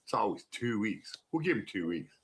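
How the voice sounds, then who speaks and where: A man's voice: lowish voice, big pitch swings, fairly quick. A man talking casually about the news, mocking and joking as he goes. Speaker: online commentator. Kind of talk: casual chat.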